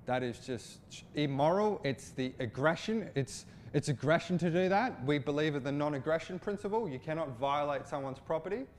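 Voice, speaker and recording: A man giving satirical political commentary in an informal, halting way, with frequent restarts. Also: fairly high pitch, expressive, slight background noise. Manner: informal, repetitive restarts, occasional swearing.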